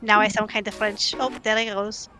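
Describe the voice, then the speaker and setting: A woman guest on a gaming stream, making quick, wry quips. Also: medium pitch, little pitch movement, crowd noise. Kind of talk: casual gaming stream chat.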